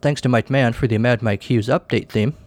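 Podcast host guy reading a story, dry offhand tone, middle pitch. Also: brisk, darkish tone. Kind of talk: story reading and show outro.

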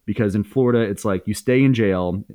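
A man's voice: lowish voice, fairly quick, mellow, no room sound. A man in his thirties as a podcast guest, candidly telling a story in casual speech, swearing freely with many fillers and restarts.

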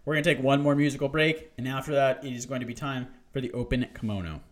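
A man's voice: medium pitch, steady tone, fast talker. A young man co-hosting a casual podcast, loose and joking, swearing freely. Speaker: podcast co-host.

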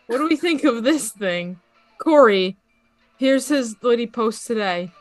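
A woman's voice: on the high side, lively intonation, unhurried, no room sound, faint music behind. A woman hosting a podcast, teasing her co-host and laughing often in casual chat.

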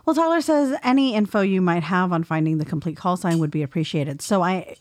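A woman's voice: fairly low pitch, brisk, darkish tone, dry recording. A woman co-hosting a podcast in casual chat, reading listener emails aloud and laughing often as she teases. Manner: laughs often, playful teasing. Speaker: podcast co-host.

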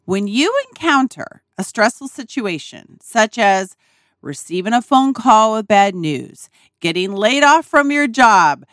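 A woman hosting a podcast talks through a personal story at an unhurried pace. Her pitch swings widely as she laughs and swears casually. The sound is dry and close, recorded in a small RV dinette. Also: expressive, fairly bright tone, no echo. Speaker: podcast host.

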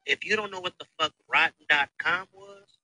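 A man in his thirties hosting a casual podcast, telling profane, animated stories. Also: sits high, normal speed, no room sound, poor audio. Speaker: podcast host. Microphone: phone.

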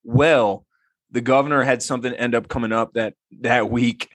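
A young man hosts a relaxed talk show and tells a story among friends, chuckling as he goes. His voice sits in an ordinary middle register. The sound is dry and close. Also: mid-range voice, normal speed, no room sound. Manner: storytelling, laughs often. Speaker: podcast host. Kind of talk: casual chat among friends.

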